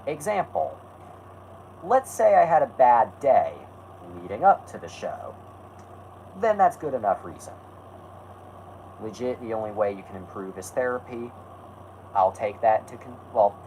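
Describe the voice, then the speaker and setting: A man's voice: fairly low pitch, a little mellow, a little hiss or hum, rough recording. A man hosting a live stream, talking casually and rambling, correcting himself and snapping back at his chat.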